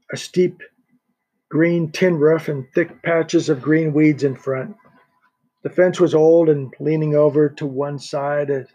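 A male narrator reading a thriller novel aloud at a steady pace, with the occasional small restart. His voice is husky and sits somewhat high for a man. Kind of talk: audiobook narration.

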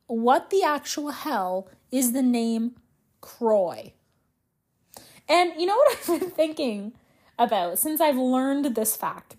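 A young woman hosting a casual solo podcast, ranting with profanity and sarcasm and thinking aloud as she looks things up. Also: fairly high pitch. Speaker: podcast host.

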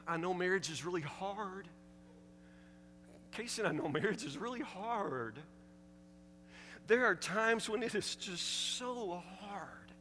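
A male pastor delivers a sermon in a strikingly high, bright voice. He hammers at his listeners with repeated rhetorical questions. His words ring out with a long reverb, as in a large church sanctuary. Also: animated, takes it slowly, long pauses, slight background noise. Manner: emphatic, repetitive rhetorical questions.

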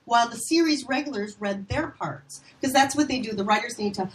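A middle-aged woman from Minnesota, a casting director, telling animated, self-deprecating stories in a rambling chat. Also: fairly high pitch, a little fast. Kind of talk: casual storytelling chat.

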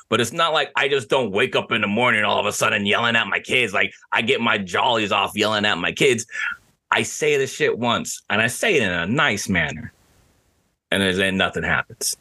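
A man co-hosting a casual podcast chat, talking in an animated way, swearing and laughing easily. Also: mid-range voice. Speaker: podcast co-host.

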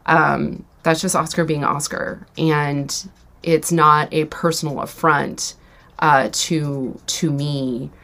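Low-voiced woman musing on a podcast. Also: a bit bright. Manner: rambling, filler-heavy, self-reflective. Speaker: podcast host. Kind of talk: casual podcast chat. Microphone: podcast microphone.

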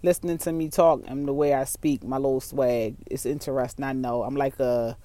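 A solo vlogger with a mixed Baltimore and New York accent, talking in a casual, rambling monologue. They are candid and profane, laugh often, and repeat phrases as they think out loud. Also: mid-range voice, fairly even intonation, brisk. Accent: Baltimore and New York blend.

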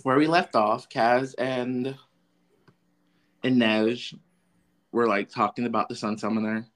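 A man co-hosting a casual TV recap, summarizing the plot in a relaxed, joking way. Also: mid-range voice, takes it slowly. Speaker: podcast co-host.

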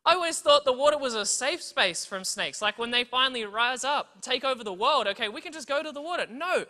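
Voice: high-pitched, a little fast. An Australian preacher giving a sermon full of humorous stories, often checking in with the audience. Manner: animated, tells stories, keeps checking in with "right?" and "okay?". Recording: long reverb from a big hall.

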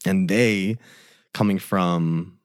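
A man's voice: deep voice, fairly even intonation, drawn-out words, no room sound, clean studio sound. A young man, a tour photographer, telling a story in a loose, swearing way and acting out the quoted dialogue. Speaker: tour photographer, podcast guest. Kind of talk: casual storytelling.

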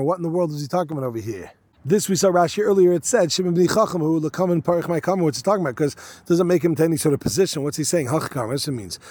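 A man teaching a Talmud class, reading Aramaic phrases in quick bursts and then explaining them in casual, conversational English with rhetorical questions. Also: a little high, darkish tone, no echo.

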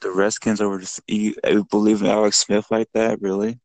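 A man's voice: on the low side, little pitch movement, a little fast, darkish tone, no room sound. A man as a podcast guest in casual chat, laid-back and shrugging things off.

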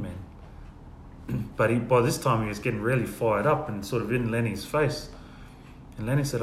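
A man casually recounting church testimonies, telling his story and softly acting out the dialogue. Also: mid-range voice, moderate pace. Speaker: guest sharing testimonies. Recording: echoey room with faint ambient noise.

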